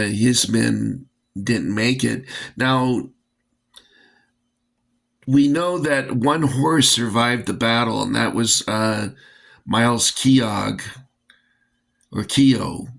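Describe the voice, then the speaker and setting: A man's voice: lowish voice, gravelly, fairly bright tone. A man casually reviewing vintage toy soldiers, rambling with lots of fillers and dry jokes, a bit winded.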